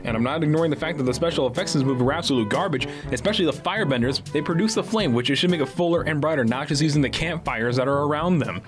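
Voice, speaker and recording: A man's voice: on the high side, racing, few pauses, music in the background. A young man hosting a student comedy segment, ranting in exasperation about a bad movie. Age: young adult. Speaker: segment host, movie critic. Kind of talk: scripted comedic movie rant.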